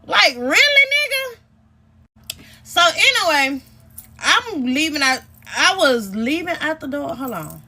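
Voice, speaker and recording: Young woman vlogger, high and very lively voice, swearing storytime rant aimed at viewers. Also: measured pace, noisy background. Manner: animated, profane, addresses viewers directly.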